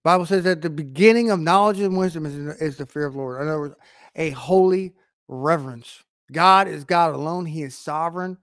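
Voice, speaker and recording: A man preaching an online sermon to camera, emphatic, asking rhetorical questions and swinging from quiet to loud. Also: on the high side, brisk, no echo, clean studio sound.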